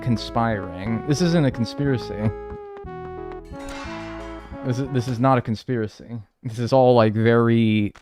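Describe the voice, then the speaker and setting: A man chatting casually on a live game stream, ranting with lively energy and swearing freely. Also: medium pitch. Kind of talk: casual live-stream chat while playing.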